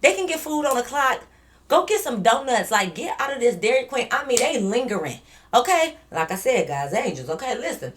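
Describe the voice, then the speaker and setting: Animated young woman telling a storytime. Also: a little high, a little fast, a little hiss or hum. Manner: animated, slangy storytelling with acted-out quotes and swearing. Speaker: vlogger. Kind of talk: storytime vlog.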